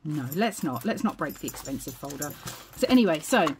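Chatty British woman, low-pitched, breathless. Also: animated, a little fast, a little hiss or hum. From United Kingdom. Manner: chatty, rambling, self-deprecating. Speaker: budgeting vlogger. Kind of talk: casual chat to camera. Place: home, evening.

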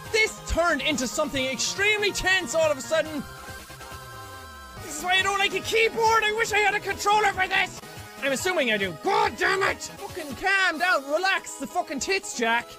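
A man giving raging gameplay commentary, swearing constantly and yelling in frustration. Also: very high voice, lively intonation, normal speed, over music. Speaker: gamer streaming a game.

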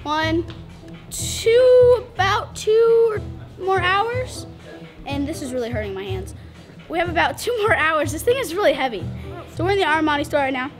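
Woman in casual vlog chat: high, lively pitch, music underneath. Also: fast. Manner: chatty, complaining. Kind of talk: casual vlogging.

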